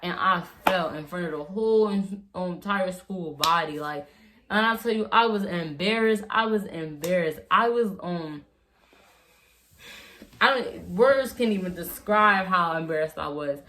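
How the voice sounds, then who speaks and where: A woman's voice: on the low side, measured pace, fairly bright tone. A young woman vlogger telling a casual storytime, rambling with slang and lots of fillers and restarts.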